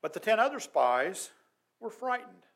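A man preaching a sermon as pastor, earnest and emphatic, his voice swelling loud and dropping quiet. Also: high-pitched, sing-song, unhurried, vocal fry.

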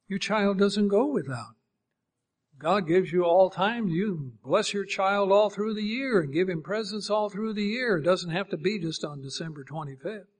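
A man preaching a sermon, emphatic, citing scripture verses and acting out short quoted voices to make his points. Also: high voice.

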